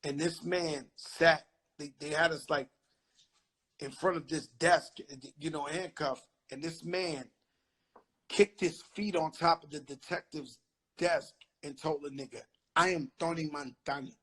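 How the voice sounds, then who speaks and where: A middle-aged man hosting an interview, telling animated stories full of street slang. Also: fairly high pitch, measured pace. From the Bronx, New York. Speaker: host. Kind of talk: casual interview chat.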